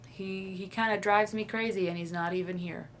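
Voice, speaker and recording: A woman's voice: medium pitch, steady tone, normal speed, a little hiss or hum. A young woman talking into the camera in a confiding, dreamy video diary, often trailing off and restarting. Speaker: vlogger.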